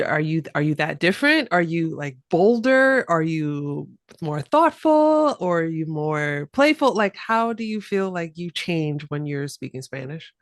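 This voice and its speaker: A woman hosting a podcast who asks curious, eager questions and reacts warmly to her guest. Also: sits low, dry recording, studio quality. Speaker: podcast host. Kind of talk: casual interview chat.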